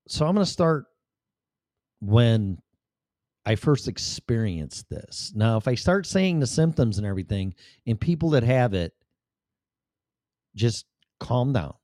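A man's voice: mid-range voice, sing-song, measured pace, long pauses, a little mellow, no echo, clean studio sound. A middle-aged man talking candidly to the camera in a blunt, rambling, profane way. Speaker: vlogger. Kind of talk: candid personal monologue.

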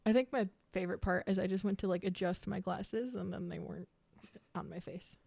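A woman's voice: medium pitch, fairly quick, creaky, dark tone, no room sound. Young woman, podcast co-host, chatty and loose, dry close-miked sound. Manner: chatty, laughing, rambling storyteller. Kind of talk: casual chat.

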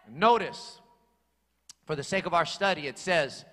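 A man's voice: high voice, expressive, a little slow, bright, forceful tone. A male pastor preaching a sermon, emphatic and repeating his key phrases for weight. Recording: long hall reverb.

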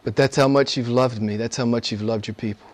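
A man preaching a sermon and praying to a live congregation, earnest, slowing down and stretching key words for emphasis. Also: mid-range voice, fairly even intonation.

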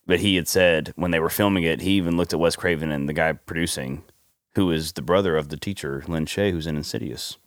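A man with a low voice chatting on a movie podcast. He shares trivia about how films were made, often restarting his sentences as he goes. The sound is dry and close. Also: no echo. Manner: shares behind-the-scenes trivia in halting restarts. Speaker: podcast co-host. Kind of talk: casual chat.

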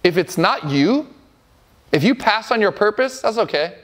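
Earnest high-voiced male pastor. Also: expressive, moderate pace. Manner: earnest, emphatic, repeats phrases for effect. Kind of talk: sermon.

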